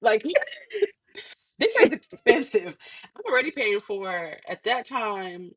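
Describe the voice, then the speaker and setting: Slow-paced with a breathy edge and a higher pitch, this podcast guest is a woman in her thirties sharing a personal story in casual conversation. She's lively, laughs often, and acts out other people's lines.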